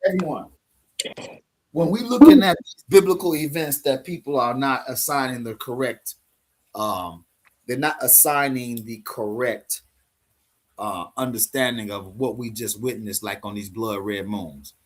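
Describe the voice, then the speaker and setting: A man's voice: medium pitch, a little slow. A man teaching a live online congregation, teasing and scolding members in fun, then rambling on.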